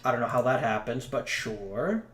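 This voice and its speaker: A man's voice: medium pitch, expressive, moderate pace, fairly bright tone, roomy sound, slight background noise. A man casually commenting on a hockey management game he is playing, rambling with frequent ums. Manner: chatty, rambling, lots of ums. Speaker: let's play commentator.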